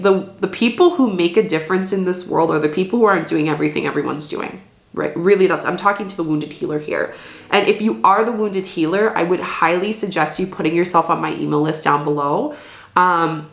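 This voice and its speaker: A woman's voice: on the low side, gravelly, fairly bright tone, roomy sound. A woman giving an earnest, soothing spiritual card reading, often restarting her sentences. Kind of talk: casual spoken card reading.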